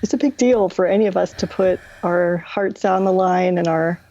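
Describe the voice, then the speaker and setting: Reflective woman therapist in her fifties, mellow tone, slightly dull call sound. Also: fairly low pitch, moderate pace. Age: 50s. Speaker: therapist and author guest. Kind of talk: interview conversation.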